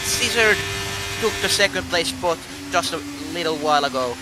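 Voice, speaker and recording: A Finnish-native man co-commentating a live sim race, hesitant and stammering, quick to laugh. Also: fairly high pitch, animated, background noise.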